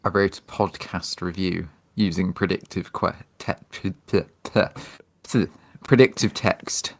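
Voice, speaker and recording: A man's voice: deep voice, steady tone, measured pace. A man co-hosting a casual podcast chat, giving short dry replies and laughing easily. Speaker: podcast co-host.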